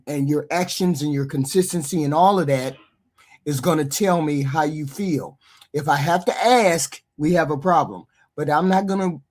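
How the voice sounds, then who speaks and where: A commentator reacting to a clip in casual commentary, musing aloud and trailing off. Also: mid-range voice.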